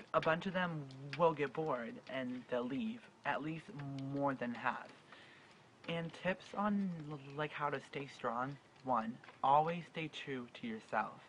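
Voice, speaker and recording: A man's voice: medium pitch, fairly bright tone, a little hiss or hum, low-quality recording. A young man in his late teens speaking in an earnest, heartfelt way, with a stutter and frequent restarts. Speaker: vlogger. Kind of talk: personal advice vlog.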